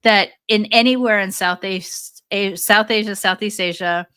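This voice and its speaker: A woman's voice: mid-range voice, steady tone, normal speed, bright, forceful tone, smooth, no echo, clean studio sound. A woman co-hosting a podcast, talking casually and thoughtfully, with many fillers and restarts. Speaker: podcast co-host. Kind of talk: casual chat.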